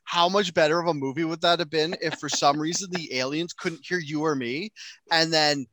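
A young man co-hosting a podcast in casual chat, animated and profane, acting out what others say. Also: a little high, moderate pace, dry recording. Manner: animated, profane, acts out quotes. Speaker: podcast co-host.

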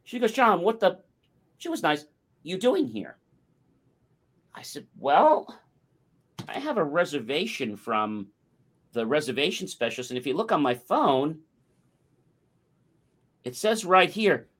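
Talk show co-host, male, animated anecdote teller with swinging pitch. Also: measured pace, pauses often. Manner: animated anecdote with acted-out quotes. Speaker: podcast co-host. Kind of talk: casual storytelling.

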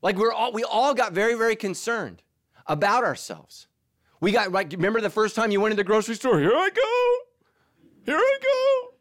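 A man's voice: high voice, a little fast. A middle-aged man from Southern California, a pastor preaching a sermon and telling stories with acted-out voices. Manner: animated storytelling, acts out quotes.

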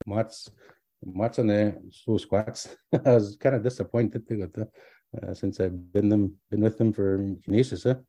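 A man's voice: lowish voice, steady tone, unhurried, warm tone, no echo. A middle-aged man, a language teacher, casually telling his own story in a rambling way, with many restarts. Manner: rambling, restarts often, mixes in words from another language. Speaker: language teacher and doctoral student.

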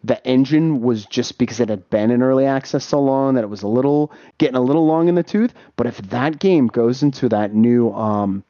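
A man's voice: medium pitch, a little fast, few pauses, no echo. A man from Boston telling stories in a casual podcast chat, swearing and acting out what people said. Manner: animated storyteller, acts out voices, swears. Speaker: podcast co-host. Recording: dull lo-fi mic.

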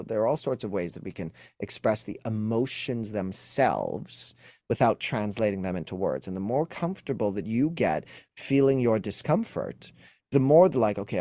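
A man's voice: fairly low pitch, darkish tone, no room sound. Earnest man explaining, dry close sound. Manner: earnest, explanatory, acts out quoted dialogue. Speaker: emotional wellness coach, guest. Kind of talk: explaining in a podcast interview.

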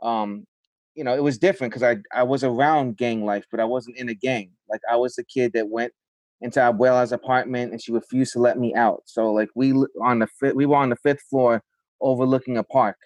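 A man's voice: mid-range voice, steady tone, brisk, a little mellow, no echo. Reflective man from the Bronx. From South Bronx, New York. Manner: reflective, many fillers. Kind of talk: casual podcast chat.

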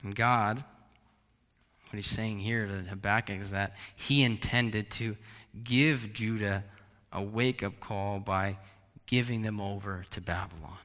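A man preaching a sermon, animated, sometimes acting out a prophet's anguished questions. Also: on the low side, measured pace. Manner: animated, acts out Habakkuk's questions. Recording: long hall reverb.

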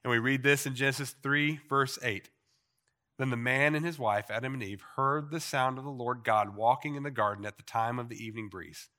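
A man preaching a sermon as a pastor, slowing down to stress key phrases and letting his sentence endings drop soft and quiet. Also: medium pitch. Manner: preaching with slow emphatic repetitions and trailing quiet phrase endings. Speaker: pastor teaching a Bible series.

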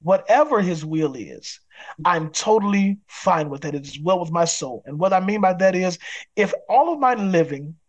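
A man's voice: sits high, animated, normal speed, lo-fi sound. A man who is a pastor, a guest on a podcast interview, speaking in an emphatic, preacherly way. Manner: acts out quoted people in other voices.

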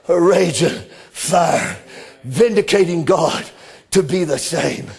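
A middle-aged man, preaching a sermon with fervor, often rising into shouted exclamations. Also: on the high side, takes it slowly, creaky, breathy edge.

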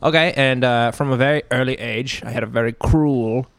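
Man as a German pool hustler, boastful and chatty, mid pitch, dry close sound. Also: moderate pace, clear, resonant tone, dry recording, natural voice. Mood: breezy. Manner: chatty, tags every sentence with "right?". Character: brash German male pool hustler on the run. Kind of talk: improvised comedy character.

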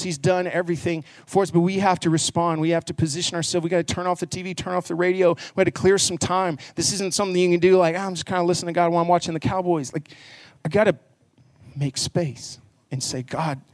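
A man's voice: on the high side, dry recording, clean studio sound. A man preaching a sermon in church. He speaks earnestly and conversationally, and he rises into emphatic passages. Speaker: pastor.

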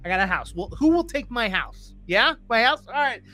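The game master voicing a cocky, excitable male gambler who boasts loudly and babbles when things go wrong. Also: medium pitch, brisk, faint music behind, voice pushed up. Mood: desperate boasting. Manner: boastful, babbling, rising to near shouts.

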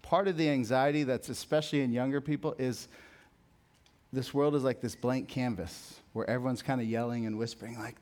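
A young man preaching a sermon as a pastor, conversational and jokey, telling stories, then dropping soft for emphasis. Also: medium pitch, fairly even intonation, brisk. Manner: conversational, jokey storytelling with sudden soft drops.

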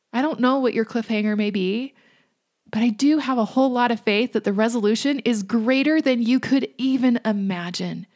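A woman in her thirties giving a reflective devotional talk in a gentle, earnest way, sometimes dropping to a hush. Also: a little high, a little slow. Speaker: faith speaker.

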